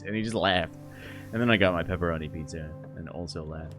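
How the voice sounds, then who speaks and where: A man's voice: low voice, fairly quick, music in the background. A young man streaming a game, hungover, rambling and laughing through a story. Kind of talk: casual gameplay chat.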